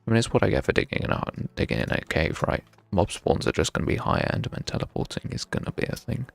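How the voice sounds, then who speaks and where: A man's voice: lowish voice, big pitch swings, fast talker, vocal fry, faint music behind. A young man chatting casually while streaming a game, thinking aloud with wry self-mockery. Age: young adult. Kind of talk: casual live gameplay commentary.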